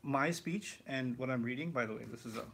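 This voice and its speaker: A man teaching the Quran in a live question-and-answer session, explaining with lively asides and rhetorical questions. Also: medium pitch, brisk, creaky, breathy edge. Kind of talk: live Q&A lesson.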